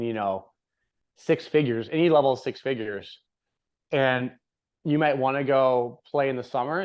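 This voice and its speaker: A young man hosting a podcast in casual chat, rambling and upbeat, laughing often. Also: mid-range voice. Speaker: podcast host. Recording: slightly dull lo-fi audio.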